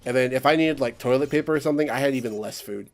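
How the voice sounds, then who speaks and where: A young man ranting to his camera in a casual vlog, his voice sitting at an ordinary middle pitch. He sounds exasperated and sarcastic, and he slips into mocking voices whenever he quotes someone. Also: rapid-fire. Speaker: vlogger. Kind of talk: casual rant.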